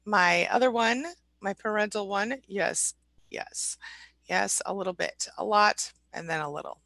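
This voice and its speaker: A middle-aged woman coach on a live stream, greeting viewers by name and reading out their comments in a warm, chatty way. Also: medium pitch, measured pace, vocal fry, no echo. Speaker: relationship recovery coach.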